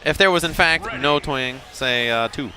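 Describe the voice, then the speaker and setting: A man commentating a live fighting game tournament, joking and excitable. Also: medium pitch, normal speed, music in the background. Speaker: esports commentator.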